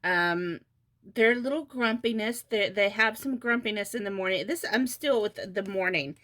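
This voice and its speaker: A woman doing a casual pick-a-card tarot reading, often laughing and pausing with fillers. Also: medium pitch, a bit bright. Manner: giggly, halting with many fillers. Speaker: tarot reader.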